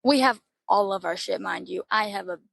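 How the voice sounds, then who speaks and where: A woman's voice: medium pitch, normal speed, creaky. Young woman venting about a trip, lots of cursing, dramatic, dry no-echo mic. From Florida. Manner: profane, animated, exasperated storytelling. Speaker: podcast host. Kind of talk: casual storytelling.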